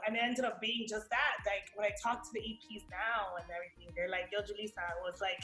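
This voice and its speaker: A woman with a slight New York-tinged American accent, a guest actress telling a story in a casual interview, animated, swearing freely and acting out the voices of people she quotes. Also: mid-range voice, quick pace, few pauses. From Miami, USA. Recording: roomy echo with faint music.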